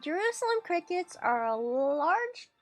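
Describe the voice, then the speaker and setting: Chatting casually on her livestream, a woman rambles, jokes around, and swears freely, full of playful excitement. Her pitch and volume jump up and down while she keeps a measured pace, with soft music playing underneath.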